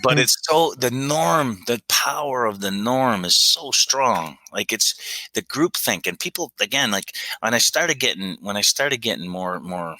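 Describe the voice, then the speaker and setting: A middle-aged man from Canada, a podcast guest telling recovery stories in an excitable, animated way. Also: mid-range voice, a little slow, dry recording, low-quality recording. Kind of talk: recovery story conversation.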